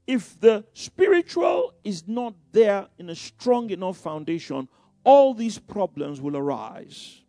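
High-voiced preacher with faint music. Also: male voice, dark tone, dry recording. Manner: conversational preaching with many "you know" asides and repeated phrases. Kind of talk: sermon.

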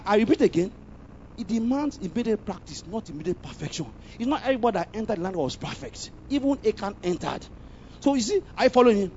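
A man preaching a sermon, emphatic, often asking the congregation whether they follow him. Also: high voice. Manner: emphatic, asks the congregation questions, bursts into loud exclamations. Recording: slightly muffled recording with faint background noise.

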